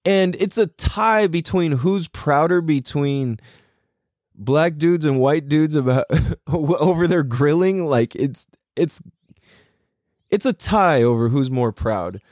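Brief: male podcast host, lively up-and-down pitch, slangy and profane, close dry sound. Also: slow, no echo. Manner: animated, laughs often, swears freely, slangy. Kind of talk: casual comedic monologue.

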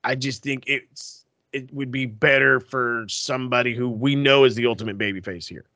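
A man co-hosting a wrestling podcast in casual chat, animated and profane, acting out quotes with big jumps in pitch. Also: normal speed, dry recording.

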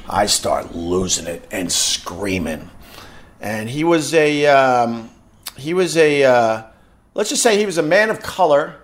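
A man live streaming, telling a story in an excitable, animated way with frequent restarts. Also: medium pitch, a little hiss or hum. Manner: excitable, acts out shouted quotes, frequent restarts.

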